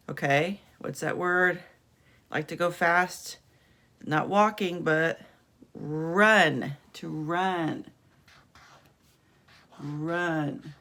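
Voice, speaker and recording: A woman teacher giving a slow, encouraging phonics lesson to young children, drawing out letter sounds. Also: low-pitched, a bit bright.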